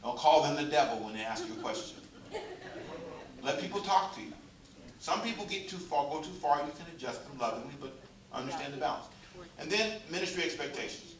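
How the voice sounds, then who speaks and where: Exhorting preacher in an echoey church. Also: male voice, fairly high pitch, expressive, fairly quick, crowd noise. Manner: exhorting, humorous, call-and-response. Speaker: pastor. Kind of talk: sermon. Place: church sanctuary. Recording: echoey church hall, mic far off.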